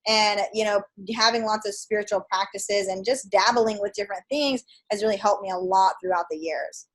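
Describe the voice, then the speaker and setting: A woman in her thirties from Idaho, telling a personal story as a podcast guest, animated and acting out dialogue with many fillers. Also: mid-range voice, a little fast. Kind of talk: casual storytelling interview.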